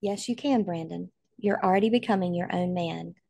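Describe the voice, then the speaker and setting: A woman voicing a trapped father who speaks slowly, quietly and weakly, his voice trembling. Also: on the low side, gravelly, breathy edge, dry recording. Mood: gentle, resigned. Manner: quiet, weak, trembling, slow.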